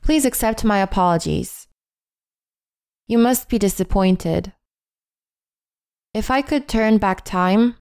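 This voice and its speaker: Slow, calm woman reading phrases. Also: medium pitch, clean tone, no echo, clean studio sound. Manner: calm, measured, deliberate pauses between phrases. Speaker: English phrase reader. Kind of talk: slow read-aloud phrase list.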